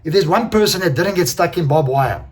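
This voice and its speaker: A man, an enduro racer casually recounting a race, animated, swearing freely and acting out quoted exchanges. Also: a little high, fairly quick. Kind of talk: casual race recap storytelling.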